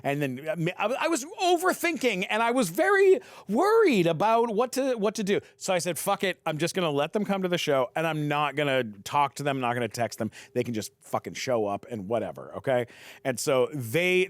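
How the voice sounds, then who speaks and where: A man's voice: on the high side, sing-song, fairly quick, no room sound. A man telling a long story as a podcast guest, with frequent stammered restarts and a cursing punchline delivery. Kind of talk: animated storytelling.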